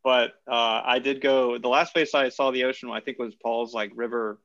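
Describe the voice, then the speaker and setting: A man's voice: mid-range voice, fairly even intonation, moderate pace, fairly bright tone, highs cut off. A young adult man co-hosting a podcast, chatting casually in a thoughtful, wordy way. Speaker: podcast co-host. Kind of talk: casual chat.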